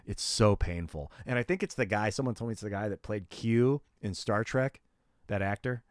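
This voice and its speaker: A man's voice: fairly low pitch, normal speed, no room sound, clean studio sound. A man in his thirties chatting casually on a gaming livestream, rambling and slangy as he talks to viewers. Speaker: gaming streamer.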